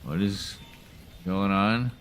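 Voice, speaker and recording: A man's voice: low-pitched, takes it slowly, a bit bright, a little hiss or hum. A man giving casual, chatty live commentary as he streams a horror game, wry and laughing at himself, with light swearing. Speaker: gaming streamer.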